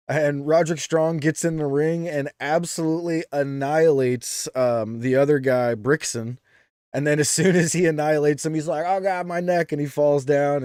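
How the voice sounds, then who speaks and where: A man's voice: fairly high pitch, darkish tone, clear, resonant tone, dry recording, studio quality. A man co-hosting a podcast in casual chat, talking loosely with frequent fillers and restarts. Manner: chatty, with many "um"s and restarts. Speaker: podcast co-host.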